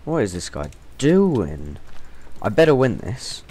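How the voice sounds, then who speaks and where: A man giving chatty, excitable gameplay commentary on his channel, breaking into sudden exclamations, recorded on a stand-in mic. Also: fairly low pitch, slow. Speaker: gaming channel host. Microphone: temporary stand-in mic.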